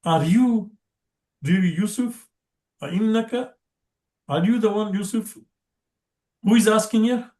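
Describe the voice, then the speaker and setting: A man teaching a language class online in a halting way, often checking in with "right?" and quickly chanting verses. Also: high-pitched, a little mellow.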